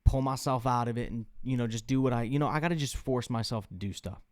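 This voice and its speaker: A man's voice: mid-range voice, fast, darkish tone, no room sound. Young male podcast host from the Midwest, casual solo rant, chatty and profane, close dry recording, mid-range voice. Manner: rambling, profane, lots of fillers.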